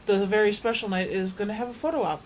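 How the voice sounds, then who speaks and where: A woman's voice: mid-range voice, steady tone, fast, rough recording. A woman chatting as a guest in a studio interview, telling anecdotes. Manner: chatty storyteller. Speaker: haunt co-founder guest.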